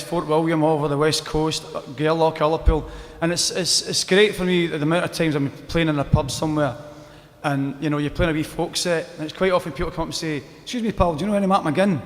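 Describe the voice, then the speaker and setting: A man's voice: fairly high pitch, big-room sound. A Scottish man, a folk singer telling rambling stories between songs at an outdoor gig, breaking into song now and then. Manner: chatty, rambling, bursts into song. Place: outdoor square at a live event.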